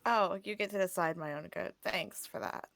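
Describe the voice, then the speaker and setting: A woman's voice: on the low side, moderate pace, creaky, a bit bright, no echo. Sarcastic, exasperated woman detective voiced by a woman, dry close sound. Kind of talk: voicing a character in a tabletop game.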